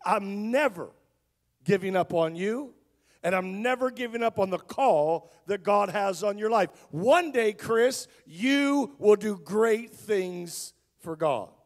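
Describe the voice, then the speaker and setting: A man's voice: high voice, animated, slow, pitched above the performer's own voice. A man voicing his tearful young wife, who speaks in an earnest, insistent way.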